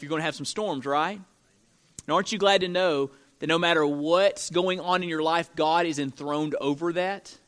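A pastor with a high, bright voice preaches with sweeping dynamics. He builds to loud, ringing declarations, then drops to hushed, intimate lines, and he drives his points home by repetition and by asking the listeners questions. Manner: preaching with big swings from loud emphatic peaks to quiet intimate lows; repeats key phrases for emphasis, asks the congregation questions. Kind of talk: sermon.

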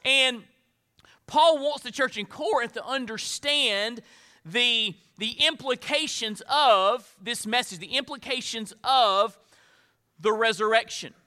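A male pastor preaching a sermon, swinging between raised emphasis and hushed, slowed phrases. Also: extremely high pitch. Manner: dynamic preaching, drops to hushed tones for emphasis.

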